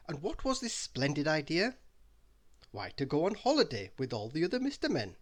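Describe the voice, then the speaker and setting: A man reading a children's bedtime story aloud in an animated, expressive way. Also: a little high, normal speed.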